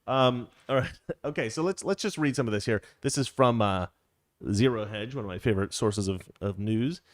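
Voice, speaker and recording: Man, talk show host, casual, self-interrupting, wry, mid-pitched, dry close mic. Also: moderate pace, no room sound. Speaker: political commentary host.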